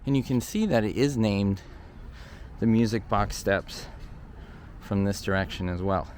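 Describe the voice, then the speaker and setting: A man's voice: fairly low pitch, measured pace, a little mellow. Man filming an outdoor walking tour, slightly winded. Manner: chatty, thinking aloud, many fillers. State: out of breath from climbing stairs. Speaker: vlogger touring a location. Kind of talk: casual walking vlog narration. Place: outdoor hillside stairway in a city neighborhood. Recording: faint outdoor ambient noise.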